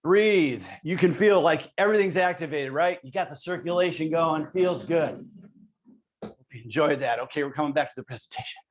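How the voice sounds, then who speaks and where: Upbeat coaching man, slightly higher voice. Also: a little fast. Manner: energetic, encouraging coaching cues. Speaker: exercise instructor and presenter. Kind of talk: guiding a live online exercise class. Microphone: video call.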